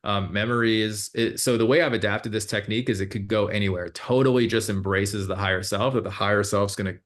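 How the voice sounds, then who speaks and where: Male hypnotherapist guest, somewhat low voice, easygoing and rambling, many fillers. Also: brisk. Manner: relaxed, meandering, with many fillers and self-corrections. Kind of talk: casual interview explanation.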